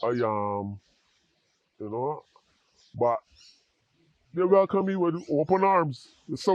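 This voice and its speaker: A man tells his personal story in an interview, earnest and halting, often repeating words as he searches for them. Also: on the high side, big pitch swings, dry recording, lo-fi sound. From Barbados. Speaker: interview guest in addiction recovery.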